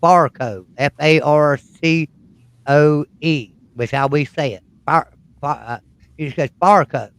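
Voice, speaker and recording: A man's voice: fairly high pitch, fairly even intonation, takes it slowly, smooth, no room sound. A man with a West Virginia Appalachian accent, hosting a casual chat and telling rambling, folksy stories. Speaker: host.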